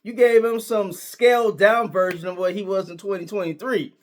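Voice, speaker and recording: Emphatic high-voiced man ranting about football. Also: fairly even intonation, normal speed. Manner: emphatic, repetitive, slangy, argumentative. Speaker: sports commentator. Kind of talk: casual sports opinion monologue.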